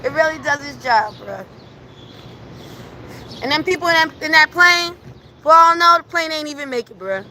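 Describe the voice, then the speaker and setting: A woman on a live stream, telling a story with emphatic, animated delivery and frequent laughter. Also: sits high, moderate pace, long pauses, slight background noise. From New York. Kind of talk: casual storytelling on a livestream. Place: at home.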